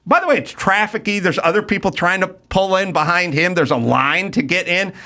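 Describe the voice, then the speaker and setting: A man's voice: high voice, fairly quick. A male podcast host telling a rant-filled story in casual chat, acting out the people in it. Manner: animated, ranting, acts out quotes.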